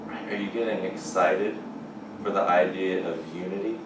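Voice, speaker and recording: Male chapel preacher, animated and exclamatory, lowish voice, distant mic, noisy echoing hall. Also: moderate pace. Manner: animated, rising to excited exclamations. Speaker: chapel speaker. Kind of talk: lively chapel sermon. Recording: echoey hall from far off, background noise.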